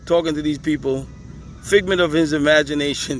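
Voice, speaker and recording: A man's voice: fairly high pitch, brisk, faint music behind. A man outdoors on a hot day, reading questions aloud and commenting on them, laughing often and talking back to the text. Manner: laughing, emphatic, talks back to the page. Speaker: religious commentator.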